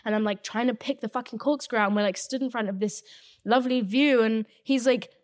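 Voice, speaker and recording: A woman's voice: on the high side, a little fast. Chatty young woman, swearing freely. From England. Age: 20s. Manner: chatty and animated, swears freely, many "like" fillers. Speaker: podcast host. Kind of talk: casual solo chat. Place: her new flat, indoors.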